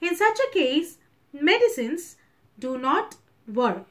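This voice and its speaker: A woman's voice: high voice, very animated, slow, a bit bright. A woman teacher with an Indian English accent, explaining a story to a class and retelling each passage in simpler words.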